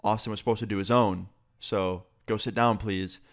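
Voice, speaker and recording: A man's voice: fairly low pitch, fairly even intonation, moderate pace, lightly acted. A man voicing a firm, matter-of-fact male schoolteacher in a retold story. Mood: stern.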